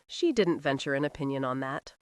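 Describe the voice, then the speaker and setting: Woman doing headstrong young lady, firm and defiant, lively voice, dry close sound. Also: very deep voice, fairly quick, dry recording, voice pushed down.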